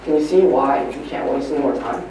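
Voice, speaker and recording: A man giving a motivational training talk at a live event, telling stories and moving between hushed and emphatic delivery. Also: medium pitch, fairly quick, slight background noise. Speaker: motivational speaker. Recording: echoey live hall recording from far off.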